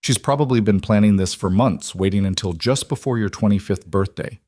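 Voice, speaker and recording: A man playing a cold, controlled mafia boss who talks in a calm, matter-of-fact, almost gentle way. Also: lowish voice, a little fast, dry recording, studio quality, close to an everyday voice.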